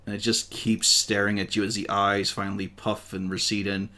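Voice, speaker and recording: A man narrating as game master of a tabletop game, playful and lively, swearing and laughing as he describes scenes. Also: lowish voice, moderate pace.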